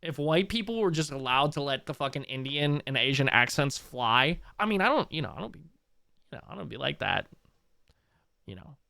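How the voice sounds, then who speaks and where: A man's voice: on the high side, sing-song, normal speed, vocal fry, sharp tone, dry recording, studio quality. A man live-streaming, rambling and swearing as he reacts to a clip and talks to his chat. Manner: rambling, profane, jumps between clip and chat. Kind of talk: casual live-stream commentary.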